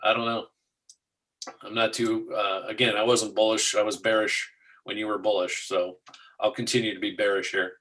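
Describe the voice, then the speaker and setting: A man's voice: fairly low pitch, little pitch movement, normal speed, fairly bright tone, poor audio. A man co-hosting a markets talk show, chatting casually and walking through charts in a matter-of-fact way.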